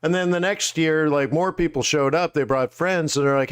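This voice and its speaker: A man hosting a live trading webinar, chatting casually in slangy, animated storytelling that acts out quotes. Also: a little high, fairly quick, hardly any pauses, clean tone. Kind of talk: casual chat.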